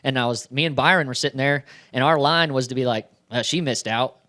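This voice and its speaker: A man's voice: mid-range voice, quick pace, bright, forceful tone. A man, a race car driver, answering questions at a press conference in a chatty storytelling way, acting out bits of dialogue.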